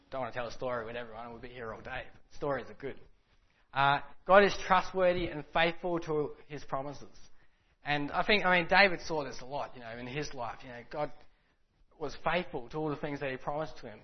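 A man preaching in a casual, conversational way, telling a story and acting out the people in it, with many fillers. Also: mid-range voice. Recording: dull lo-fi sound.

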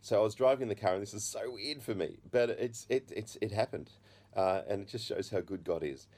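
A middle-aged man gives a testimony sermon, earnestly recounting his own story in a halting way. His voice is low, warm, and soft, and he frequently stops, restarts, and uses fillers.

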